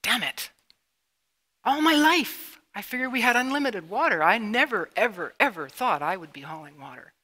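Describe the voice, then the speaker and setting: A middle-aged woman from Canada giving a public lecture, emotional and halting with sudden emphatic bursts. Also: fairly high pitch, big pitch swings, sharp tone. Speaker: public speaker. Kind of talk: lecture presentation with slides. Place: university lecture room.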